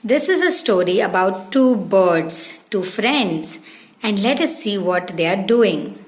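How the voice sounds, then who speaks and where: A woman preschool teacher narrating a story for young children, clear and gentle, speaking to them directly. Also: medium pitch, animated, slow pace.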